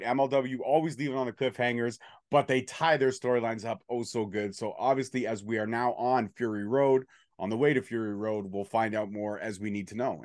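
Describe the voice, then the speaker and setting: A man's voice: mid-range voice, no room sound, studio quality. A tired man co-hosting a casual podcast, cursing and bantering in mock grumpiness. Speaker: co-host.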